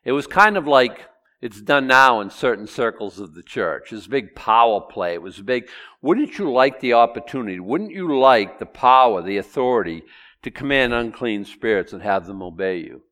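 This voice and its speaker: A middle-aged pastor preaching an expository sermon, animated, acting out Bible voices and quizzing his congregation. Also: mid-range voice, normal speed. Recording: long hall reverb.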